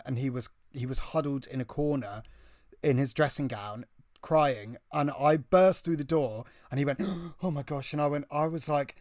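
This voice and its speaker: A British-accented man tells a story in casual chat, excitable and breathless, frequently restarting his sentences. His voice is medium-pitched, recorded in studio quality with no echo.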